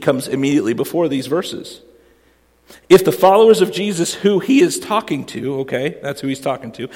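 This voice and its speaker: A man preaching a sermon, stressing points by repeating them slowly and slipping into quick casual asides with fillers. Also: fairly high pitch, in a large hall. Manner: emphatic, repeats key phrases, slows to stress points. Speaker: pastor.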